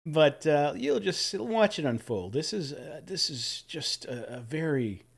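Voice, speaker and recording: A man with a fairly high voice hosts a casual livestream. He talks in an enthusiastic, chatty way and thanks his viewers for their tips. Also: lively intonation, a little slow, vocal fry, slightly rough. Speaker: livestream host.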